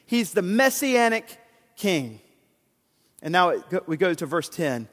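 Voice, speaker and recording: A man preaching a sermon who reads scripture slowly and builds from hushed tones to fervent shouting. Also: high-pitched, sing-song, long reverb tail. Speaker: pastor.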